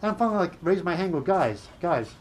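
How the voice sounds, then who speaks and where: A middle-aged man telling work stories in a casual chat, animated and acting out other people's lines. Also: sits high. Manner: animated, acts out dialogue in quick bursts. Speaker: guest.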